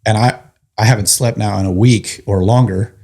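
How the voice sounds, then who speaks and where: A man's voice: fairly low pitch, steady tone, normal speed, dark tone. A firefighter telling his own story in a candid, vivid, plain-spoken way. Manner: candid and vivid, with blunt swearing. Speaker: firefighter guest. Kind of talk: personal storytelling.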